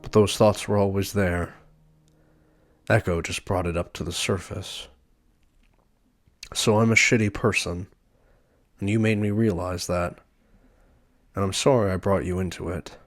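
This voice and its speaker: A man's voice: deep voice, steady tone, a little slow, pauses often, dry recording, studio quality. A man reading aloud the subdued, reflective lines of a remorseful young man in a story game. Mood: somber. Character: remorseful young man, quiet and self-aware.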